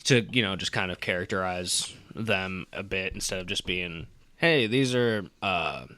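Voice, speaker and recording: Bright, laughing podcast guy. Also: low voice, measured pace, no echo. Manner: rambling, laughs often, many fillers and restarts. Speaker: podcast co-host. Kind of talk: casual chat.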